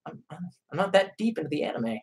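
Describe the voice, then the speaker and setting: Male streamer, casual and profane, rambling through chat comments; very animated pitch. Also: fast, husky. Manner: profane, rambling, self-deprecating. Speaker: live streamer.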